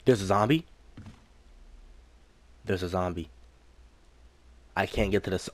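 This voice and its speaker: Low-voiced young man narrating gameplay. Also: a little slow, long pauses, dry recording. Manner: talks to himself, repeats lines, rising to panicked yelps. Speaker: gaming YouTuber. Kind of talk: let's play commentary.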